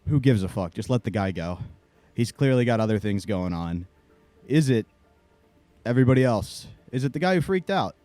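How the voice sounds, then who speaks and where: A man tells a story on a podcast, easygoing and chatty. He keeps it lively and puts on other people's voices as the tale unfolds. His pitch sits in the usual middle range for a man. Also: moderate pace, no echo, soft background music. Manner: animated, acts out other people's lines. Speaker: podcast co-host. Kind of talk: casual comedic storytelling.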